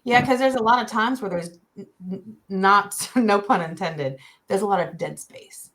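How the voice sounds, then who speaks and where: A woman investigator chats in a relaxed group setting. Her pitch sits at an ordinary middle level. She talks loosely, laughs often and makes fun of herself. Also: normal speed, rough recording. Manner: laughs often, self-deprecating. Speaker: paranormal investigator. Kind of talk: casual group chat.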